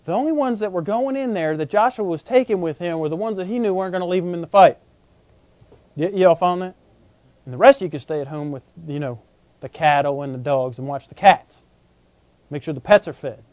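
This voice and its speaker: A man's voice: sits high, a little fast, dry recording, highs cut off. A man preaching a sermon in a joking, folksy way, with slang, who often asks the congregation questions.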